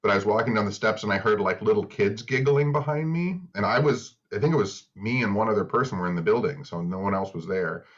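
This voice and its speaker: Guy podcast cohost, lowish voice, laid back, kinda dull lo-fi mic. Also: fast, hardly any pauses. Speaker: podcast co-host. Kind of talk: casual chat.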